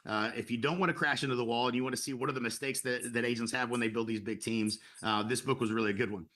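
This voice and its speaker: A middle-aged man pitches his program in a quick, eager webinar delivery. His voice is bright and forward, and he stacks fillers and restarts as he pushes on. He sounds persuasive. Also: steady tone. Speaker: real estate broker pitching to agents. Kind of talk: sales webinar talk.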